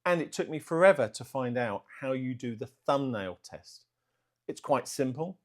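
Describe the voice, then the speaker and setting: With lively intonation and a medium pitch, a man talks to camera unscripted for his art channel vlog, indoors in a room at home. He's self-aware and tries to speak slowly and deliberately, but filler words still slip out.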